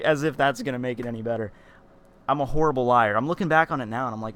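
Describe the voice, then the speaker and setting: A vlogger with a mid-pitched voice speaks quickly as he tells a story directly to his camera. His delivery is animated but rambling, packed with fillers, repetitions, and false starts.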